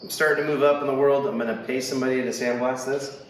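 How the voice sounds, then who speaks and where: A man's voice: medium pitch, fairly even intonation, fast talker, slight background noise. A man hosting a car restoration vlog, walking through his build with wry, self-deprecating jokes. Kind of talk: casual joking walkthrough. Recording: echoey workshop, mic at a distance, faint ambience.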